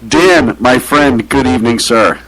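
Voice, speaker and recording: A man hosting a live talk radio show, introducing a guest with wry, drawn-out phrasing. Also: mid-range voice, a bit bright, rough recording.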